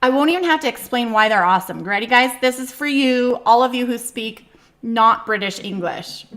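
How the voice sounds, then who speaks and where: A woman's voice: a little high, normal speed, a bit bright. An American woman hosting a live stream, chatting in a bubbly, teasing way. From United States. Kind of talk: casual chat.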